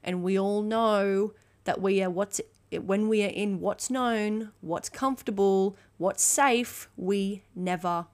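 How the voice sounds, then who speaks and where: A woman's voice: mid-range voice, fairly even intonation, slow, a little mellow. Aussie woman solo podcast host, emphatic and blunt, swears a lot, acts out little dialogues.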